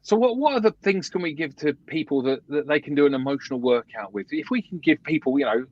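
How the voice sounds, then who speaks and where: A man's voice: a little high, expressive, quick pace, no echo, lo-fi sound. A man co-hosting a podcast, asking probing questions in casual chat. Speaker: podcast co-host.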